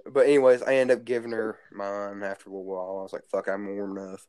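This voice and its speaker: A teenage boy spins crude, rambling stories and swears his way through a casual chat. His voice sits fairly low, and the sound is dry and close, with little room. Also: little pitch movement, fast, darkish tone, clear, resonant tone, no echo. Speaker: guest storyteller.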